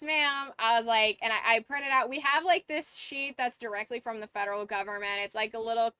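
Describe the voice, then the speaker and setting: A woman's voice: mid-range voice, sharp tone, clear, resonant tone, dry recording. A young woman streamer telling a story in casual chat, laughing often and swearing now and then.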